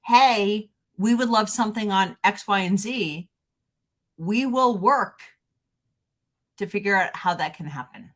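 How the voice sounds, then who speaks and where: Woman, French teacher guest, playful and animated on a video call. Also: mid-range voice, measured pace. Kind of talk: casual live-stream chat.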